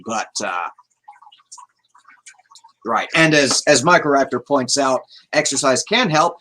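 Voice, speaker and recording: A man's voice: medium pitch, lively intonation, takes it slowly, pauses often, bright, forceful tone, slight background noise, low-quality recording. A man hosting a casual livestream, rambling as he reads out chat messages and swears offhandedly. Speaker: livestream host.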